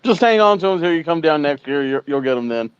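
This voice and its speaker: Teasing man, smooth voice, dull lo-fi sound. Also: fairly high pitch, expressive, fast talker, no room sound. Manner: short teasing interjections. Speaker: co-host. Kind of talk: casual chat.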